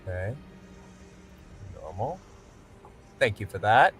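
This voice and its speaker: A man's voice: fairly low pitch, very animated, takes it slowly, fairly bright tone, breathy edge, soft background music, rough recording. A man playing a tabletop game, tentatively talking through his plan. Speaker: player. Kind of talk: casual tabletop play.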